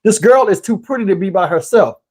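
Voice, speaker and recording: Man, storyteller, comic, lively swooping pitch, husky voice. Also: fairly quick. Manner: animated, jumps up high for quoted lines. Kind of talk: comedic storytelling.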